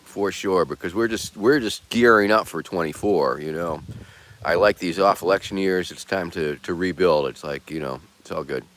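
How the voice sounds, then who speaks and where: A man's voice: deep voice, moderate pace, fairly bright tone. A man hosting a casual livestream who rambles in a laid-back way and swears casually. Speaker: streamer host.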